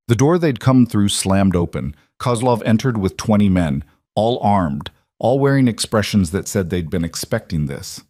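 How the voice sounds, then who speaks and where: Low, dry male story narrator. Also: normal speed, no room sound. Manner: steady, grave storytelling. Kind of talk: scripted dramatic narration.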